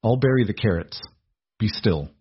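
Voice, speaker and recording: A man voicing a gruff, protective aristocrat who gives curt orders, in a dull lo-fi recording. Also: fairly low pitch, animated, moderate pace, no echo. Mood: commanding.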